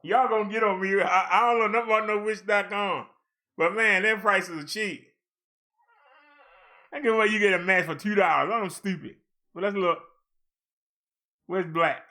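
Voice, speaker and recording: A man's voice: high-pitched, normal speed, pauses often, pushed and bright. A man hosting a casual live chat, browsing online and grumbling at the screen while he talks to viewers. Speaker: channel host.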